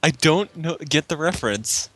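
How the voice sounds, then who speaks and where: Game master, man, bright forceful tone, casual narration. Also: a little high, animated, normal speed, poor audio. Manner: casual, filler-heavy.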